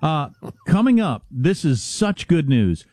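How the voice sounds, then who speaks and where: A man co-hosting a radio talk show, telling wry, animated stories in casual banter on a studio mic. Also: a little high, takes it slowly, dry recording. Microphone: studio microphone.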